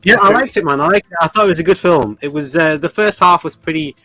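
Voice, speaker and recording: A man's voice: fairly high pitch, quick pace, pushed and bright, no room sound, soft background music. A man, co-hosting a casual chat, effusive and thankful, calling his friend man and mate. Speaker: podcast co-host.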